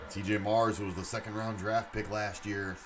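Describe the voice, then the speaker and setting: Guy doing live game commentary on stream, lowish voice, gets loud on big plays, noisy audio. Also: normal speed. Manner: excitable, rises to shouts on big plays, chatty asides.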